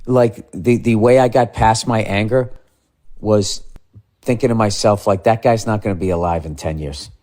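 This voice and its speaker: A man's voice: fairly low pitch, moderate pace, a little mellow. A man in his fifties ranting casually as a podcast host, profane and exasperated. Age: 50s. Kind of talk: casual comedic rant.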